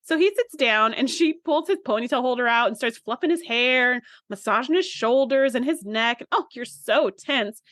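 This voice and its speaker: A woman co-hosting a podcast, telling the story of an episode in casual chat and acting out the lines as she goes. Her voice sits on the higher side and sounds close and dry, with no room around it. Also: brisk, hardly any pauses, no room sound. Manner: animated storyteller, acts out quotes. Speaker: podcast co-host.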